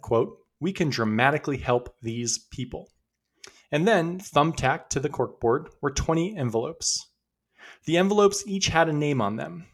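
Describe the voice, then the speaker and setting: A man hosting a podcast, telling stories in a conversational, upbeat way. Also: on the high side. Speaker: podcast host. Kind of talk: scripted podcast narration.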